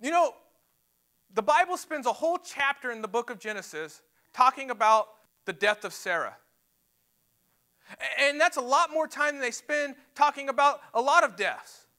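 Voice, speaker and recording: A man's voice: very high voice, expressive, moderate pace, pushed and bright. A man preaching a sermon to a church, emphatic and repeating words as he builds his points. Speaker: pastor. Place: church sanctuary.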